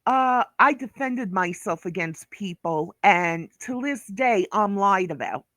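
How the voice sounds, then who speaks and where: Brooklyn woman, unhurried, profane scolding vlog rant, dry close sound. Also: mid-range voice, expressive, pushed and bright, no echo. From Brooklyn, New York. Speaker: vlogger. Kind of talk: ranting commentary vlog.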